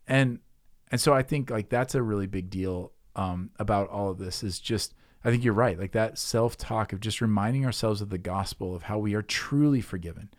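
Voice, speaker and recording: A man's voice: on the low side, normal speed, no room sound, clean studio sound. A man co-hosting a podcast, talking about faith in an earnest, reflective way and telling stories as he goes. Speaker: podcast co-host. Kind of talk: casual faith discussion.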